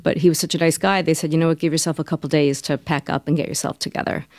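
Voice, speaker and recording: A woman recounting events in an interview, earnest and urgent, with quick runs of words. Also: low voice, fairly even intonation, a little mellow, no echo. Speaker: interview guest.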